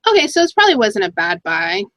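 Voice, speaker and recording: A middle-aged woman chatting casually in a thrift haul vlog, excitable and talking to herself as she goes through her finds. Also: medium pitch, fast, dry recording, low-quality recording. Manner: chatty, excitable, talks to herself while browsing items. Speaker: thrift reseller vlogger.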